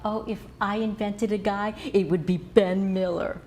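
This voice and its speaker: A woman's voice: mid-range voice, steady tone, unhurried, a little mellow, slight background noise, close to an everyday voice. An older woman acting a hopeful friend smitten with a new man, eager and gushing, in a TV drama.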